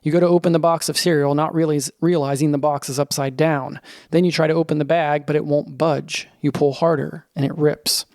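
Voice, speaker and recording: A man narrating a scripted children's story in the second person, in a lively storytelling manner. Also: a little high, fairly quick, no room sound, clean studio sound.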